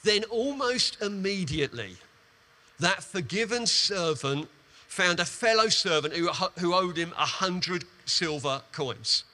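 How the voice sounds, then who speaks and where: A man delivers a sermon in a high, ringing voice with a bright, cutting edge. He retells a parable with animated emphasis, often doubling his words as he drives a point home. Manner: animated storytelling, quick emphatic repetitions. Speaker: preacher.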